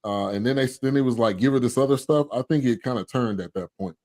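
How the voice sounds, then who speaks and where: A man co-hosting a movie review podcast, speaking in a relaxed, hesitant way with restarts. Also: medium pitch, fast talker. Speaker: podcast co-host. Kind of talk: casual movie review chat.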